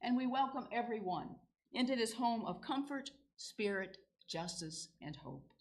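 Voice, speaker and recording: A woman's voice: on the high side, animated, a little slow, poor audio. An older woman leading a church service in a sanctuary, friendly and lightly informal as she welcomes people. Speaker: worship leader.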